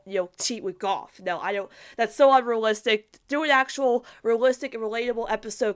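A woman's voice: fairly high pitch, a bit bright, smooth. A young woman chatting casually as a host, rambling with lots of fillers and restarts while reading viewer comments. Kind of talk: casual fan chat.

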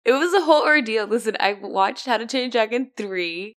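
A young woman co-hosting a casual chat, animated and rambling, often laughing and turning teary. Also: fairly high pitch, a little fast.

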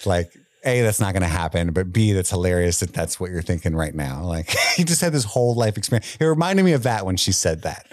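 A man's voice: low-pitched, brisk, few pauses, no echo, studio quality. A man co-hosting a podcast, telling a story and recapping a film in casual chat, acting out quotes as he goes. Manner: animated storytelling, acts out quotes. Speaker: podcast co-host.

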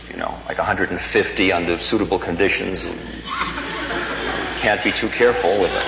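A man giving a spiritual talk, telling a personal story in an unhurried, reflective way and livening up the quoted lines. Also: sits low, vocal fry, background noise. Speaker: spiritual teacher. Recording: dull lo-fi recording in a reverberant hall.

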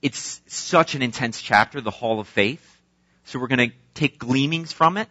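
A man delivers a sermon in a bright, forceful voice, reading scripture and then expounding on it earnestly. The recording is dull and lo-fi, and the sound is close and dry with no room echo. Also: medium pitch, normal speed. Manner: earnest, emphatic preaching with occasional fillers. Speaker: preacher.

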